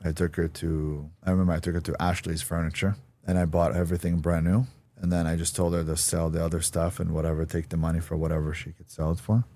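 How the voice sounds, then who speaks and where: A man's voice: low voice, little pitch movement, fast talker, few pauses, warm tone. A man giving an interview, telling a personal story bluntly and acting out the voices of people he quotes. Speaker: interview guest.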